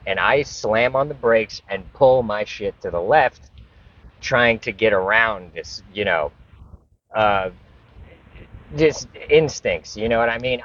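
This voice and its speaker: A man with a low voice tells a story straight to camera in a loose, rambling way, swearing freely and restarting his sentences. The recording sounds dull and lo-fi. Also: fairly bright tone. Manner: rambling, profane, repeats and restarts. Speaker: vlogger.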